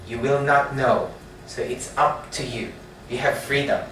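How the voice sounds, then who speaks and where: Slow man teaching a class. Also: mid-range voice, steady tone, a bit bright, slight background noise. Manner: slow, repetitive, checks understanding with questions. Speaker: English writing teacher. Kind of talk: classroom lecture. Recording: echoey classroom from far off.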